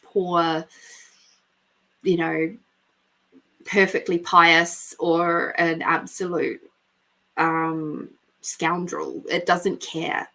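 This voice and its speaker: Woman host, middle-aged, frank spiritual chat, swears and laughs, low-ish voice. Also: pushed and bright. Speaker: intuitive reader and podcast host. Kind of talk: casual spiritual guidance talk.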